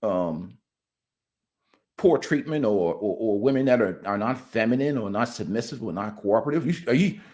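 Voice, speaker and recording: Animated rambling man on a stream. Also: on the low side, normal speed. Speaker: co-host guest. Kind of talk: casual chat.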